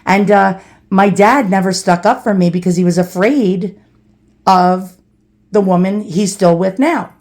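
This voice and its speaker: A woman's voice: mid-range voice, a little slow, a little mellow. A woman from New City, casually telling a personal story and acting out the people in it. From New York City. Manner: chatty, acts out quoted people. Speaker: storyteller vlogger.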